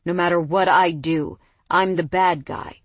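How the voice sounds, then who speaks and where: A woman voicing a gruff, bitter young man. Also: measured pace, no echo. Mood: resentful. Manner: bitter, low and clipped. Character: brooding angry young man, gravelly. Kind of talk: audiobook narration.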